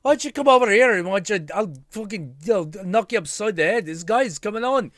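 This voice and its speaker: Guy doing a bad fake irish accent, loud rowdy drunk brawler, way higher than his real voice. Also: animated, no room sound, studio quality. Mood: belligerent. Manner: shouting insults, loud and fast. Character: rowdy foul-mouthed drunken Irish man.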